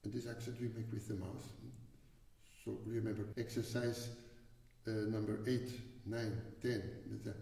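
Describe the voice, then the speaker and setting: A man teaching a wind instrument lesson, explaining exercises in a halting way with many restarts. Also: lowish voice, little pitch movement, gravelly. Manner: halting, with frequent restarts and fillers. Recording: echoey hall, voice from far off.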